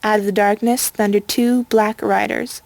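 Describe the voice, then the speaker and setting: A woman narrating a fan-written story in a calm, measured way on a close home mic. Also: mid-range voice, vocal fry, no echo. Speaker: audiobook reader.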